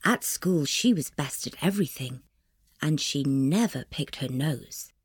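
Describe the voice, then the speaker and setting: A woman reading a story aloud in a calm, measured way. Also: low voice, husky, dry recording, clean studio sound. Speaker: narrator.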